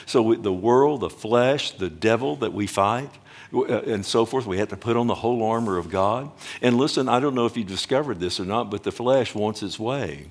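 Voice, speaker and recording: A man preaching a sermon emphatically, often slowing down to stress words and calling out to his listeners directly. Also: on the low side. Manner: emphatic, swings between loud and hushed, addresses the congregation directly. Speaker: pastor.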